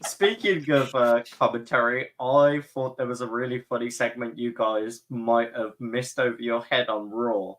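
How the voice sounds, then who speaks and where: A man's voice: mid-range voice, normal speed, few pauses. A man co-hosting a casual podcast, eagerly retelling funny moments and acting out what others said. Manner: animated storyteller, acts out quotes. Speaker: podcast co-host. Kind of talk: casual wrestling chat.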